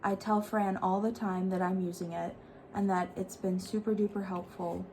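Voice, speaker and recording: A woman's voice: medium pitch, flat delivery, normal speed, warm tone, a little hiss or hum, low-quality recording. A young woman chatting casually and enthusiastically as a tarot vlogger, gushing about things she loves. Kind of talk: casual chat.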